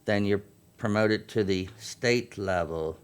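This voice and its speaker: A man's voice: lowish voice, slow pace, clean tone. A man in his fifties, a Navy veteran and chaplain, earnestly explaining youth programs in a radio interview. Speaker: veterans' group chaplain and guest.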